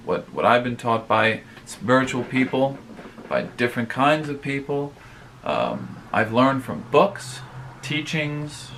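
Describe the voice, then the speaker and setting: A man's voice: medium pitch, a bit bright, slight background noise. Rambling casual male vlogger. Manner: rambling, filler-heavy, addresses viewers directly. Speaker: vlogger host. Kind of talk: casual advice vlog.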